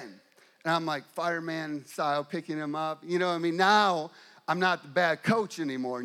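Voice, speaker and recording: A man in his forties, a pastor, telling a lively story in a sermon and now and then breaking into shouts as he acts it out. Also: a little high. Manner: animated, bursts into shouts while acting out his story.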